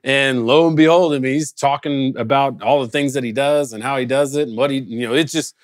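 A man's voice: medium pitch, fairly quick, dry recording, studio quality. A male pastor giving a conversational sermon, telling stories and acting out quotes. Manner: conversational, animated storytelling with acted quotes. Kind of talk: casual sermon. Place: recorded away from the congregation during lockdown.

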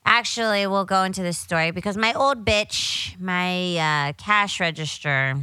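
A woman's voice: on the low side, measured pace, smooth, dry recording, low-quality recording. A woman hosting a casual chat show, telling a story with lots of swearing and acting out what people said. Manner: profane, animated storyteller acting out quotes. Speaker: podcast host.

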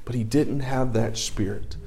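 A man's voice: mid-range voice, unhurried, creaky, dark tone, breathy edge. A middle-aged man teaching an adult church Bible class, telling stories in a loose, conversational way with emphatic stretches. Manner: conversational, anecdotal, sidetracked storytelling with rising emphasis.

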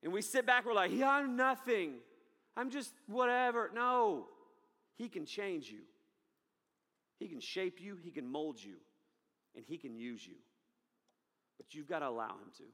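A man in his thirties preaching a sermon with lots of energy, swinging from loud to hushed. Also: fairly high pitch, very animated, moderate pace, pauses often, in a large hall. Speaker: pastor.

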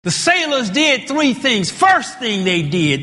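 High-voiced emphatic male preacher, echoing hall. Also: very animated, slow pace. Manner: emphatic, rising to shouted points with repeated words. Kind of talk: sermon with scripture reading. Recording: long reverb of a large hall.

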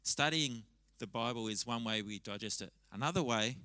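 Bright-voiced man preaching a conversational sermon. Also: medium pitch, normal speed, no room sound, poor audio. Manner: conversational, animated storytelling with frequent restarts. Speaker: pastor. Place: church service.

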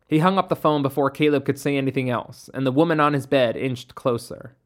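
A narrator reading a ghost story in a measured, steady way. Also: mid-range voice.

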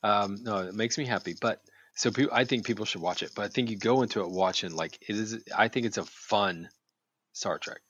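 A man's voice: on the low side, fairly quick, a bit bright, slightly rough, lo-fi sound. A man rambling in casual chat as a podcast co-host, swearing freely and restarting his sentences often.

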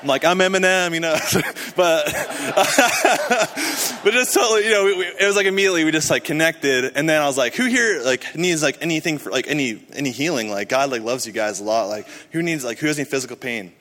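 A man's voice: fairly high pitch, fairly quick, hardly any pauses. Chatty man telling a story in a hall. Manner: animated storytelling with many fillers. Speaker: mission trip team member. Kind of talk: casual testimony to a church gathering.

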